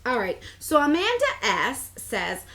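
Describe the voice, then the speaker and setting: A New Jersey woman in her forties, vlogging about beauty, reads viewer comments aloud and answers them in a rambling, casual way, laughing often. Her voice is fairly high and a bit bright, with huge pitch swings and a measured pace.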